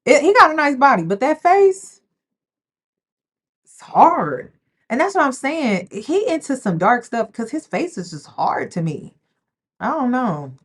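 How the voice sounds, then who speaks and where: Woman, sassy casual commentary, animated, talks to viewers as "girl". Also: high voice, measured pace, long pauses, slightly rough. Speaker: commentary host.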